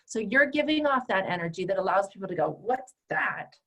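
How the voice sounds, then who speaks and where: A woman's voice: medium pitch, lively intonation, fast talker, fairly bright tone, rough recording. A woman coach teaching a group call, speaking directly and emphatically and acting out the voices she quotes. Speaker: empowerment coach and trainer.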